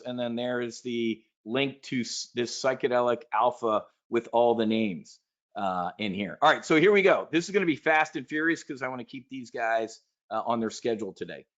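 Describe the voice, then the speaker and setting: A man's voice: medium pitch, moderate pace, a bit bright, dull audio. A man giving an investing webinar talk, emphatic and salesy, speaking straight to his audience. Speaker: investment presenter.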